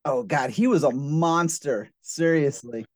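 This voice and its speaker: Higher-voiced male interviewer, dry sound. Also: a little slow, no echo. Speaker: interviewer host. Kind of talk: casual interview questions.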